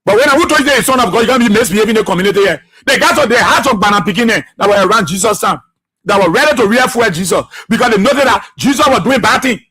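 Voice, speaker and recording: A Liberian man hosts a radio talk show, hammering his points home with fervent repetition like a preacher. His voice sits high and sounds bright and forceful, with a husky edge. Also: animated, racing. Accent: Liberian English. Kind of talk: political commentary monologue.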